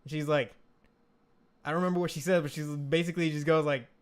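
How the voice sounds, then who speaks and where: A man co-hosting a casual anime discussion, animated and swearing freely, sometimes shouting when excited. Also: on the high side, fast. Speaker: co-host.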